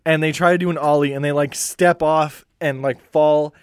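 A man's voice: fairly high pitch, steady tone, moderate pace, smooth, dry recording, clean studio sound. A man, co-hosting a podcast in casual, joking chat and laughing often. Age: 20s. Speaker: podcast co-host.

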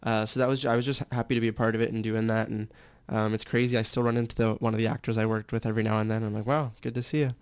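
A young man talking candidly as an interview guest. His voice is smooth and resonant, recorded dry and close, and he rambles with fillers and self-corrections. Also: on the low side, flat delivery, rapid-fire, few pauses, no room sound. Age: young adult. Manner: chatty, candid, full of fillers and restarts. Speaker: guest, stadium announcer and actor. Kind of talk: casual interview chat.

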